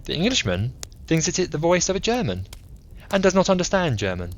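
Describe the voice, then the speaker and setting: A man voicing an eccentric, brilliant male detective who reasons aloud in a measured, lecturing way, read as a bedtime audiobook. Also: fairly high pitch, very animated, a little hiss or hum, pitched above the performer's own voice.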